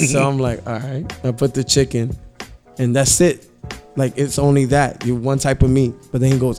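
A man telling funny work stories in a loose, casual chat. He is animated, laughs often, and slips into his customers' voices to act them out. Faint music plays under his voice. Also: mid-range voice, moderate pace.

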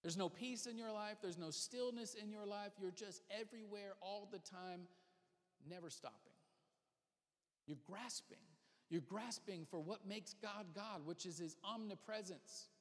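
A man's voice: high voice, moderate pace. A man preaching a sermon as pastor, speaking conversationally and repeating phrases for emphasis. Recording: reverberant hall.

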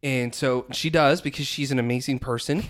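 Man, mid-pitched, animated and self-mocking, casual storyteller. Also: moderate pace. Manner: animated, self-mocking, acts out his own quotes.

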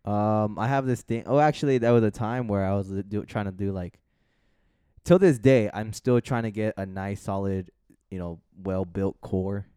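Male podcast co-host, low and smooth, dry close sound, casual animated storyteller. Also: normal speed, no room sound. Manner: animated storytelling, acts out quoted voices; swears casually. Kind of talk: casual chat.

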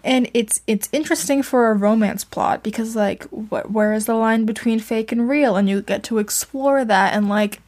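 A young woman with a slightly high, darkish voice chats casually at a normal pace into a home mic she adjusts herself, barely pausing. She's a podcast host reviewing fan fiction, rambling and self-deprecating, full of fillers and laughter.

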